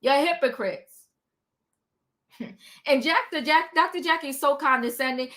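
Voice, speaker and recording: A woman hosting a livestream, recapping a reality show in sassy, animated casual chat. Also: high-pitched, moderate pace. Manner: animated, sassy, talks back to the people she recaps.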